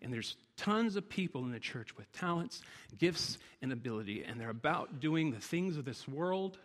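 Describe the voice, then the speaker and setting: A man's voice: on the high side, animated, moderate pace, big-room sound. A man preaching a sermon to his church, driving points home with emphatic repeated phrases.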